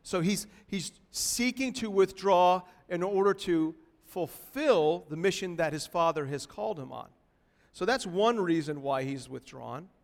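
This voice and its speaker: A male pastor delivers his sermon with a high-pitched voice. His preaching is expressive and his pleas rise with emotion. The room carries a long, ringing reverb. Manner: expressive preaching, voices a pleading woman in rising tones. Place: church hall.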